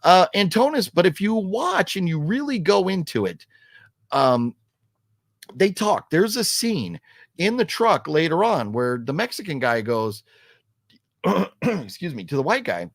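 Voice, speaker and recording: A man's voice: unhurried, gravelly, no room sound, clean studio sound. A man hosting a casual live stream, chatting loosely and reading viewer comments, rambling with frequent restarts. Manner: rambling, restarts often, animated swings in pitch. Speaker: host of a livestream movie talk show.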